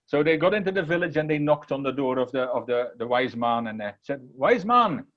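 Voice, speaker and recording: A man's voice: medium pitch, fairly even intonation, fast talker, dull audio. Earnest man giving a motivational talk. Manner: earnest, repetitive, emphatic. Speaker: motivational speaker. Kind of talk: inspirational talk with storytelling.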